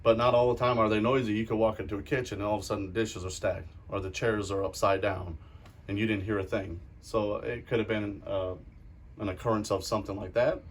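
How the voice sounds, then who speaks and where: A man's voice: lowish voice, steady tone, fairly quick, slight background noise. A man who investigates the paranormal, talking bluntly and earnestly in an interview and often repeating himself.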